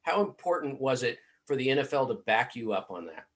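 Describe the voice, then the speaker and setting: A man's voice: mid-range voice, very animated, a little fast. Chatty male podcast host. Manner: chatty, laughs easily. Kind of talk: conversational interview.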